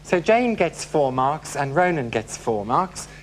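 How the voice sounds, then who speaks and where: A man's voice: on the high side, sing-song, measured pace, slight background noise. A man hosting a TV game show, camp and arch, full of teasing quips. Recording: TV studio with audience and music.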